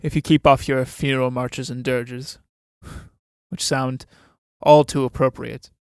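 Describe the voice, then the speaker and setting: A man's voice: medium pitch, level tone, measured pace, a little mellow, clean tone, dry recording, close to an everyday voice. A man playing a sardonic, stingy army captain. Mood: mocking. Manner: dry, mocking.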